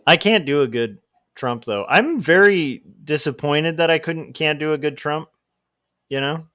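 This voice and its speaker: A man's voice: on the high side, unhurried, a bit bright, no echo. A man hosting a livestream as a comic artist, chatting casually in a rambling, self-deprecating way.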